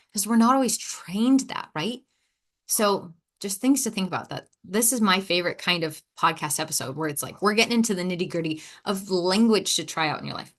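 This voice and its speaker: Candid, self-deprecating woman podcast host. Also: lowish voice. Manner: candid, self-deprecating, with sighs and playful sass; acts out quoted dialogue in shifting voices. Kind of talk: casual self-help podcast monologue.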